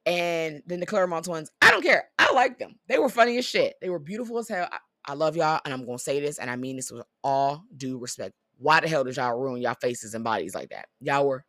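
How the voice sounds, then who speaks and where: A vlogger giving blunt, profane opinions in casual commentary, swinging between loud outbursts and muttered asides. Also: mid-range voice, lively intonation, brisk, dry recording, clean studio sound.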